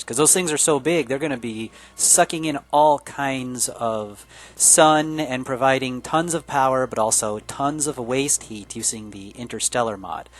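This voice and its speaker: A man of medium pitch walks through his game build in a relaxed, rambling way, stopping for fillers as he explains each piece. Faint music plays underneath his casual commentary. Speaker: gaming video creator.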